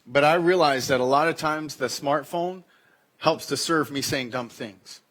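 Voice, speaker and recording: Male pastor, 30s, slightly high voice; chatty sermon delivery that leaps up in pitch when acting out quoted dialogue. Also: measured pace. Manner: conversational, acts out quoted exchanges with sharp pitch jumps. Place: church sanctuary.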